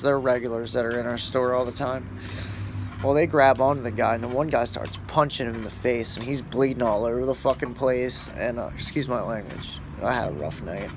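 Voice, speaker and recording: Casual talker: a man, blunt and foul-mouthed, rambling storytelling, middle pitch, faint background noise. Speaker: store shift supervisor.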